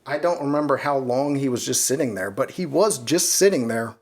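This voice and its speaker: A man on a casual podcast telling a wild personal story, animated and swearing freely, laughing at his own misfortune. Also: medium pitch, a little fast. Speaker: podcast co-host.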